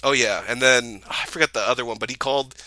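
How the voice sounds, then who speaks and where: A man's voice: mid-range voice, fast, pushed and bright, no room sound, low-quality recording. A man co-hosting a casual movie review podcast, talking enthusiastically in long rambling runs full of restarts. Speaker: podcast co-host.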